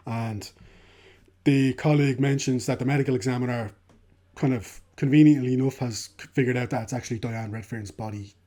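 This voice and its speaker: A man's voice: medium pitch, dark tone. A man co-hosting a film podcast, casually retelling a film's plot in a rambling way, with plenty of "kind of" fillers.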